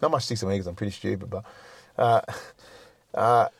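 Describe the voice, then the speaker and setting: A man's voice: on the low side, brisk, creaky, breathy edge, no room sound. Blunt man, dry sound. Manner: blunt, swears freely, repeats words when starting a point. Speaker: podcast guest. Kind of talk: casual chat.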